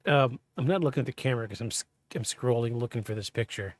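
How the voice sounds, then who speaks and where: A man hosting a podcast, telling a personal story in a halting, candid, self-interrupting way. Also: medium pitch, no room sound. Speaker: podcast host. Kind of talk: casual storytelling.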